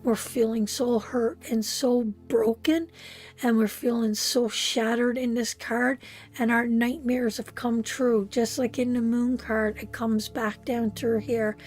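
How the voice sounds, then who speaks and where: A woman's voice: a little high, darkish tone. A woman giving a live tarot reading, emotional and repetitive, calling the listener sweetheart. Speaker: tarot reader.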